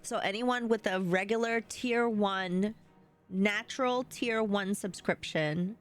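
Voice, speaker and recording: Slow-talking New York woman streamer. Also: medium pitch, soft background music. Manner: chatty, answers chat, laughs often. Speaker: live streamer. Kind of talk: casual live-stream chat.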